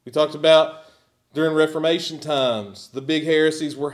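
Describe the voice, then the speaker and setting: A man's voice: fairly high pitch, moderate pace. A man preaching a sermon as pastor, emphatic and at times sarcastic.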